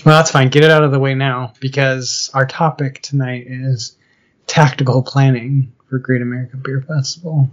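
A man hosting a casual podcast with his best friend, friendly and quick to laugh. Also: medium pitch, level tone, muffled recording. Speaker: podcast co-host. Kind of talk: casual chat.

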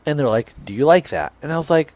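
Fast and expressive, this young man's voice is fairly high and a little mellow, with no echo. Co-hosting a podcast, he rambles through a self-deprecating story, voicing both people in the exchange.

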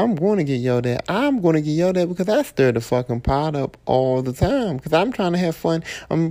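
Male podcast host, gravelly and dark-toned, blunt profane AAVE rant. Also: fairly high pitch. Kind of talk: solo podcast monologue.

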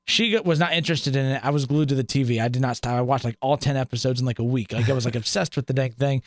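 A man's voice: medium pitch, steady tone, no room sound, clean studio sound. A young man chatting as a podcast guest. He tells stories in a loose, rambling way and acts out what people said. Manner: rapid rambling storytelling, acts out quotes. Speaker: guest, radio station sales staff. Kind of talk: casual podcast chat.

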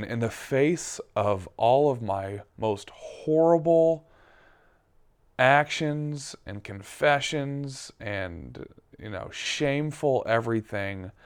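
A man preaching, sharing a candid personal testimony in a reflective, halting way. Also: lowish voice, smooth.

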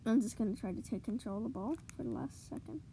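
A woman giving excitable live commentary on her own gameplay, cheering goals and groaning at misplays. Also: fairly high pitch, fast, a little hiss or hum. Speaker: gamer streamer.

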